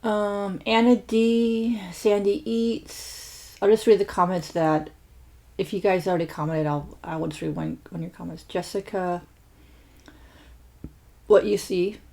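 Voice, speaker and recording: Warm and creaky, this woman's mid-range voice stays fairly even and unhurried. Hosting her food channel, she reads viewers' names and comments in a loose chat, restarting often and leaning on fillers.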